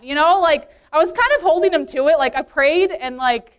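Chatty young woman with high voice. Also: moderate pace. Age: 20s. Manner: chatty and earnest, heavy use of "like", laughs often. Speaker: youth leader speaking at a women's meeting. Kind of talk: casual testimony talk.

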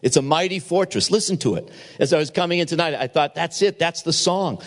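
A man preaching a sermon at an evening chapel service, acting out the people in his stories with lively changes of voice. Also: a little high, fairly quick. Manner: expressive preaching, acts out dialogue. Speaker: pastor.

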